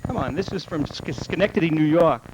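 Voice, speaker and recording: A man voicing his picky, sharp-tongued mother in a stand-up joke, told with indignant nitpicking, on a noisy old camcorder tape. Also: a little high, expressive, brisk, highs cut off, natural voice.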